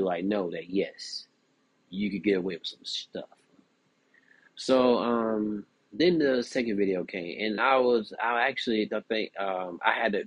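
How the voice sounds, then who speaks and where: Man, young adult, husky, dry close mic, casual commentary. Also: on the low side, no echo. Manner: animated, frequent "you know what I'm saying". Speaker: podcast host.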